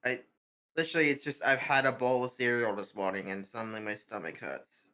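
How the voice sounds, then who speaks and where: A woman player in casual chat, relaxed and friendly. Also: extremely low pitch, a little fast, noisy background.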